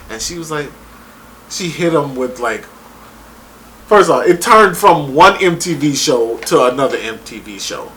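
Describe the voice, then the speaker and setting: Bright-voiced man ranting over a show. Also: on the high side, unhurried, long pauses, slight background noise. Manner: profane, animated retelling. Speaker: TV show reviewer. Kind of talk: casual review chat.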